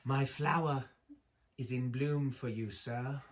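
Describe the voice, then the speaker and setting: A man voicing a prim, formal English lady in a put-on posh accent, speaking softly and slowly. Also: mid-range voice, fairly even intonation, natural voice. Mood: coy. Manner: soft, slow, overly formal.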